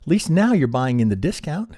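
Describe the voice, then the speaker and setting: A man's voice: a little high, big pitch swings, a little fast, dark tone, dry recording, studio quality. A man teaching on a live stream as he reviews trading charts, thinking aloud and checking in with a constant "right?". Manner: peppers talk with rhetorical questions and "right?".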